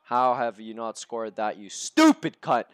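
A man's voice: medium pitch, sing-song, unhurried, clean tone, no echo. A young man doing live commentary over a video game as a gaming YouTuber, ranting and swearing heavily and tripping over his words as he restarts sentences. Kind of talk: live gameplay commentary rant.

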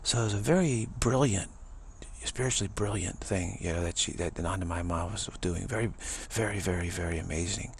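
Low gravelly man, halting spiritual monologue, mocking asides, raspy voice. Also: slight background noise. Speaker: spiritual speaker.

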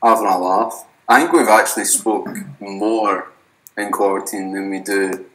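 A man's voice: on the low side, unhurried, a bit bright. A young man, chatting casually as a podcast guest in a rambling, laid-back way that is full of swearing. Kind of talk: casual chat. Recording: echoey room.

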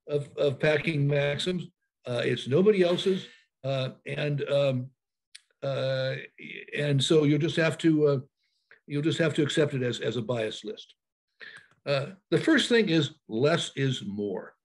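A man presenting a packing talk in a webinar, speaking over a video call, halting with many fillers and restarts. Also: mid-range voice, breathy edge.

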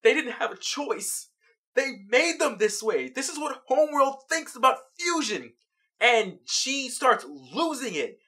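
A vlog host giving an animated, casual recap of a cartoon episode, laughing often as they tell it. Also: high voice, unhurried.

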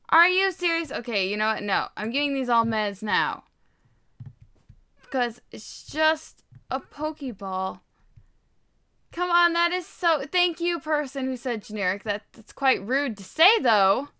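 A woman giving casual gameplay commentary while she builds, excitable and rambling, poking fun at herself. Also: high-pitched, measured pace, clear, resonant tone. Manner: excitable, rambling, self-mocking. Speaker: Minecraft video creator.

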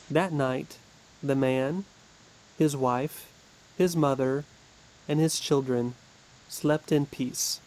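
Slow, careful male storybook narrator. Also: medium pitch, steady tone, darkish tone, low-quality recording. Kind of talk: storybook reading for English learners.

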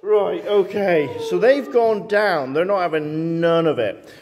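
A man who hosts a tabletop wargame in casual chat, laughs often and curses his dice out loud. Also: sits high, unhurried. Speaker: wargame player and host. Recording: echoey room.

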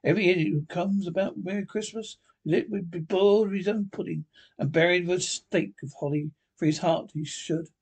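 A bitter old miser, stern and scornful, cold and curt, with a husky, slightly high voice, as a storybook reader puts him on. He is clipped and indignant in every line. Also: fairly quick, a little mellow.

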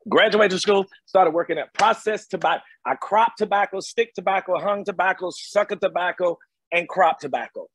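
Middle-aged man, husky voice, fairly high, dry sound, emphatic storyteller, video call. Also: moderate pace, no room sound. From North Carolina, USA. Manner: animated, emphatic, repeats phrases for effect. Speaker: guest actor. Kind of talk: casual interview storytelling.

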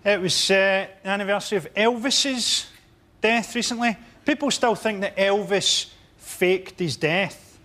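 A man doing stand-up on a panel show, delivering dark one-liners deadpan. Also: sits high, a little slow. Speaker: stand-up comedian. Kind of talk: stand-up routine. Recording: noisy studio recording.

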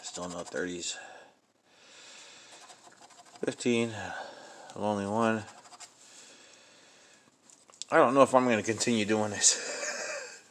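A man's voice: on the low side, wildly swooping pitch, slow, pauses often, a bit bright, slight background noise. A man giving casual running commentary as he scratches lottery tickets, muttering numbers and sighing and groaning at losses.

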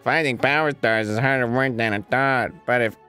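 A man's voice: medium pitch, pushed and bright, soft background music, close to an everyday voice. A man voicing a timid, earnest young brother in green during a gaming show. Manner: earnest, slow, easily scared.

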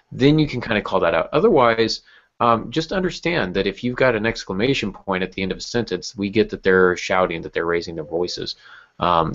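A man's voice: fairly low pitch, vocal fry, a bit bright. A man hosting a casual podcast talk about writing craft, thoughtful, with many fillers and restarts. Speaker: podcast host. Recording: dull lo-fi podcast audio.

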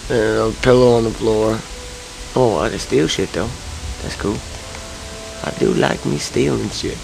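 A man's voice: lowish voice, measured pace, creaky, background noise. A man commenting casually while playing a video game, frustrated and swearing a lot. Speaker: let's-play gamer.

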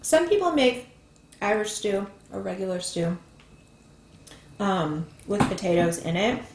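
A woman's voice: medium pitch, big pitch swings, measured pace, reverberant, noisy background. A woman hosting a home cooking video, chatting casually as she explains each step. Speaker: cooking channel host. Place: home kitchen.

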